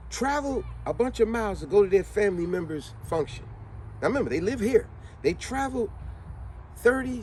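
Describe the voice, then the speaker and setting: A man's voice: high voice, darkish tone, a little hiss or hum. A man giving a motivational monologue, speaking in with an emphatic, conversational manner and frequent questions to the listener.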